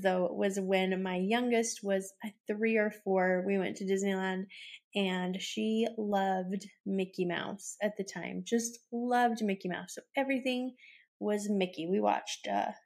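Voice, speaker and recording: A woman's voice: mid-range voice, fairly even intonation, a little slow, a little mellow. A woman hosting a podcast, telling personal stories in a casual way, choked up and close to tears, laughing through it. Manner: emotional, tearful and laughing while telling stories. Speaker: podcast host. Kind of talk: casual storytelling.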